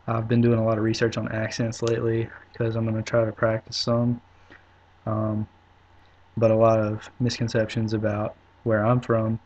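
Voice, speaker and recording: A young man from South Carolina with an Upstate South Carolina accent, talking in a relaxed, halting way with many pauses in a casual video reply. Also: lowish voice. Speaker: vlogger. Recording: dull lo-fi webcam audio.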